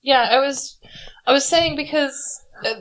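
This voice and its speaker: A woman's voice: high voice, a little slow, fairly bright tone, poor audio. A woman co-hosting a casual movie review podcast, chatty and giggly, with lots of "like" fillers. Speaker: podcast co-host. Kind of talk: casual chat.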